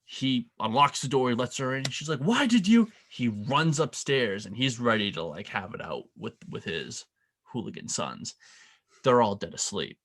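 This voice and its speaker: A man co-hosting a casual podcast, telling a story and acting out the people in it with lively quoted voices. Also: medium pitch, normal speed. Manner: animated, acts out quoted voices. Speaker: podcast co-host.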